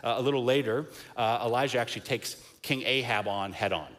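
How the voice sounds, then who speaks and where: A man's voice: medium pitch, brisk, fairly bright tone. A man preaching a sermon, telling a story in a casual, joking way. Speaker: pastor.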